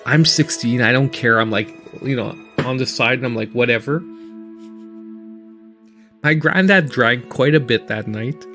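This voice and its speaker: A man hosting a gaming livestream who tells stories in a casual, animated way and laughs often while he plays. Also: medium pitch, a little slow, soft background music. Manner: animated storytelling, laughing often, mimicking voices. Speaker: gaming channel host.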